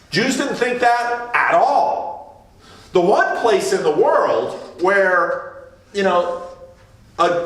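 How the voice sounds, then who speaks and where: A man preaches loosely and playfully, slipping into voices for the people he quotes. His voice sits high and he takes his time. He is heard from a distance in a strongly echoing church. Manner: animated, joking, acts out voices in quotes. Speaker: pastor. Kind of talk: informal sermon. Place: church sanctuary. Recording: distant mic in a very echoey room.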